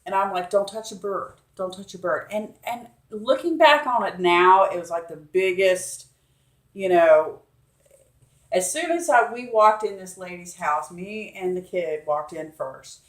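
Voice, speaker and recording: A woman's voice: lowish voice, expressive, measured pace. A woman chatting casually to camera, telling a rambling story with lots of fillers. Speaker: vlogger. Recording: echoey room.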